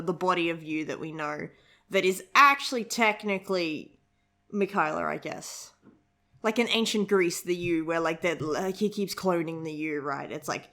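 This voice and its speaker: A woman's voice: mid-range voice, a bit bright. A young woman chatting casually and giggling as she reads through a manga chapter and comments on it. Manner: chatty, giggly, easily amused. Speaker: manga reviewer. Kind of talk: casual chat reading manga aloud.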